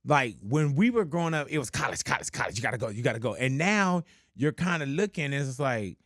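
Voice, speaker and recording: A man's voice: mid-range voice, animated, brisk, a bit bright, no room sound, studio quality. A man, hosting a casual interview and joking and teasing as he talks. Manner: joking, teasing, laughs often. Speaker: radio show host.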